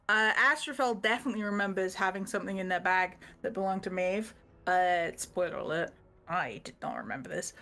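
A woman's voice: mid-range voice, moderate pace, pushed and bright. A woman casually recapping the last tabletop game session, chatty and freely swearing. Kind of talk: casual live-stream chat.

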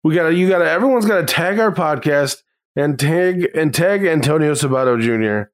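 A man's voice: a little high, animated, fairly quick. A man co-hosting a podcast, wrapping up the episode with goofy, joking banter. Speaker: podcast co-host. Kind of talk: casual chat.

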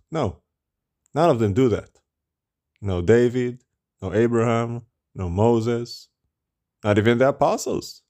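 A man's voice: medium pitch, takes it slowly, pauses often, a little mellow. A man preaching as a rabbi, with rhetorical questions and a scornful tone. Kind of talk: sermon.

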